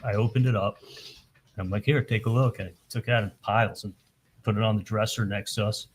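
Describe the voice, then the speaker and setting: Man, witness on the stand, low voice, halting, repeats words, retells conversations, faint hiss behind. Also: fairly even intonation. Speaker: trial witness testifying. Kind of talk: courtroom testimony.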